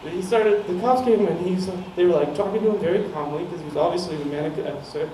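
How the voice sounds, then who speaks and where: A young man tells a rambling, profane stand-up story with a high, light voice, chuckling at his own lines. The sound is distant and roomy, with a low hiss under it in a small comedy venue. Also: fast talker, warm tone. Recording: echoey room, mic heard from far off, some noise.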